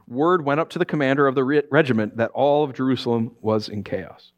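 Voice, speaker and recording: Animated man preaching a sermon. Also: medium pitch. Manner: animated, jokey storytelling with quick put-on voices. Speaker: pastor.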